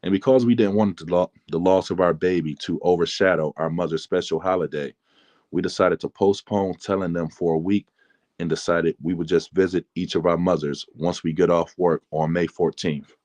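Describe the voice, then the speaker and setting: A man, the author, reading aloud from his memoir in a calm, measured way. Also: sits low, no room sound.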